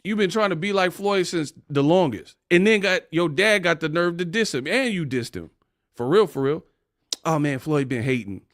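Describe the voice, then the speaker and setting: A man's voice: high voice, normal speed, no echo, clean studio sound. A man hosting a casual boxing commentary rant, mocking and laughing as he talks. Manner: animated, mocking, laughs often.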